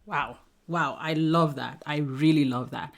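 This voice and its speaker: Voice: mid-range voice, unhurried, gravelly. A host in a casual interview, reacting with enthusiasm and sometimes restarting sentences.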